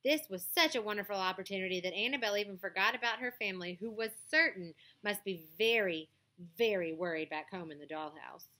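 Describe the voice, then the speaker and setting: A woman's voice: medium pitch, a little fast. A woman reading a children's chapter book aloud, with casual asides to listeners. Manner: plain, gentle storybook reading with casual asides.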